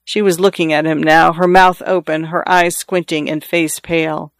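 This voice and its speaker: A man narrating a novel as an audiobook in a measured, expressive way. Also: a little high, vocal fry, clear, resonant tone, no echo.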